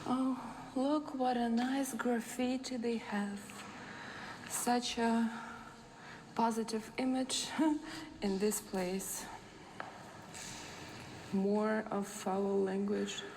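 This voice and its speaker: Woman, very slow speech, dry sarcastic, walking tour inside abandoned warehouse, noisy background. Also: a little high, fairly even intonation. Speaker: vlogger touring a warehouse.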